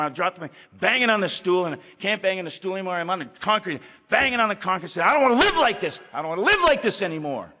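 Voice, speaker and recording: Older man, recovery meeting speaker, gruff, emphatic, slightly high voice, dull lo-fi echoey hall recording. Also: sharp tone. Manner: blunt, emphatic, repeats phrases for weight; gruff and profane. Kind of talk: personal testimony to a meeting.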